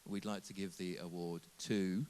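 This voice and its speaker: A man presenting comedy awards, ad-libbing and pausing between announcements. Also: low-pitched, level tone, a little mellow.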